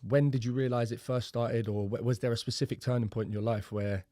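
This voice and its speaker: A man's voice: mid-range voice, steady tone, brisk, warm tone, no room sound, clean studio sound. A young man with a London accent hosting a podcast in casual, blunt chat that is full of swearing. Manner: blunt, swears freely, loose and chatty. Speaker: podcast host.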